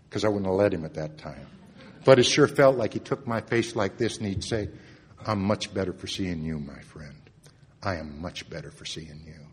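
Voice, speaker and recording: A man sharing a personal recovery story at a meeting, earnest, moving between loud and hushed moments. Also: deep voice, slightly rough. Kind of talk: personal testimony talk. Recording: long reverb of a hall.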